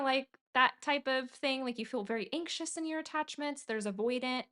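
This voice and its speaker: A woman's voice: high-pitched, animated, moderate pace, hardly any pauses, a bit bright. A woman from California co-hosting a casual podcast conversation, explaining ideas earnestly and acting out quotes in a raised voice. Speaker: podcast co-host and coach.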